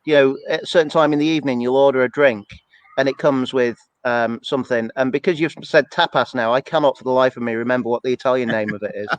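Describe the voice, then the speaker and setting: A man's voice: mid-range voice, fairly even intonation, fast, dry recording, poor audio. A man co-hosting a church's weekly show, chatting casually and rambling along in a self-deprecating way. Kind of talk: casual chat.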